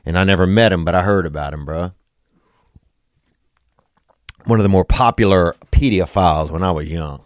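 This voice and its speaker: A man's voice: low-pitched, quick pace, no echo, studio quality. A man from Louisiana, hosting a podcast in a rambling, profane, comedic monologue. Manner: rambling, profane, drawling asides. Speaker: podcast host.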